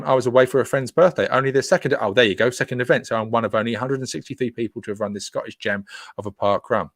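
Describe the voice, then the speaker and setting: A man's voice: mid-range voice, gravelly, dry recording, clean studio sound. A man hosting a casual live stream, reading out viewer comments in a chatty, playful way. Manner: chatty and playful, jokes with listeners. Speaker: host.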